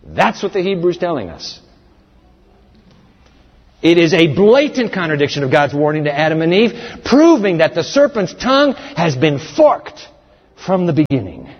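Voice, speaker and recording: A man's voice: a little high, huge pitch swings, moderate pace. Man preaching, emphatic, dramatic, long hall reverb, dull sound. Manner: emphatic, dramatic, addresses the congregation. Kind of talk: sermon.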